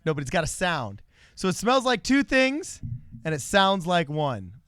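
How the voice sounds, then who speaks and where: A man's voice: sits high, huge pitch swings, normal speed, a bit bright, no echo, clean studio sound. A man co-hosting a casual political live stream, joking around and reading viewer comments aloud. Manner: jokey, reads chat comments aloud. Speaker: co-host.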